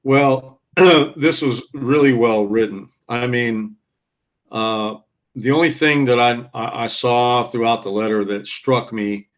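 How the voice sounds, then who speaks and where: A man with an average-pitched voice talks things over in a calm, reflective way. He often pauses on fillers as he works out his point. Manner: measured, reflective, with frequent fillers. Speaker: guest commentator. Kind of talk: casual discussion.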